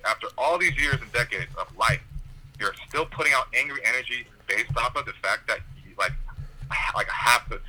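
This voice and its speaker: Bright-voiced young man telling stories. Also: medium pitch, low-quality recording. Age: young adult. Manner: animated storytelling, swearing, laughing often. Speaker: comedian guest. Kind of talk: casual podcast chat.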